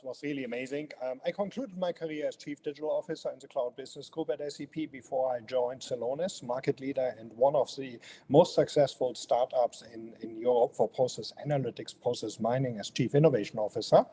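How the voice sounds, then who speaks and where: A man's voice: mid-range voice, fairly even intonation, brisk, a little mellow, slightly rough. A man in his fifties with a strong German accent, speaking as an interview guest, friendly and hesitant with many fillers. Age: 50s. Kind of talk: casual interview.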